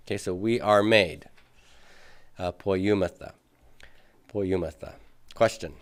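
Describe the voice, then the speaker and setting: A man lecturing to a classroom at an unhurried, deliberate pace. His voice sits low, and he thinks aloud with plenty of fillers while quizzing his students. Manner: patient, thinks aloud with many fillers, asks students questions. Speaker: Greek teacher.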